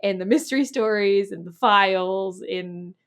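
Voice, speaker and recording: A woman co-hosting a casual chat podcast. She talks in an animated way, laughs often, and drops from loud bursts to quiet asides. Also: medium pitch, measured pace. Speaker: podcast co-host.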